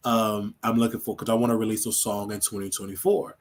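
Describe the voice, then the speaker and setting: A man's voice: lowish voice, flat delivery, fast. A man hosting his own show, chatting casually and rambling on a livestream, laughing often. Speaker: show host.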